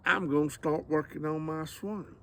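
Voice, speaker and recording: A man putting on a shrill, fussy mama. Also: fairly even intonation, moderate pace, sharp tone. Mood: impatient. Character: stubborn, impatient, fussy older Southern mama.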